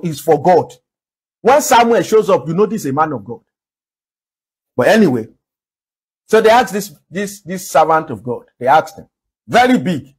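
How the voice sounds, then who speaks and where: A man's voice: sits high, slightly rough. A man preaching a sermon, earnestly asking rhetorical questions and repeating phrases for emphasis. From Nigeria. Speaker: pastor.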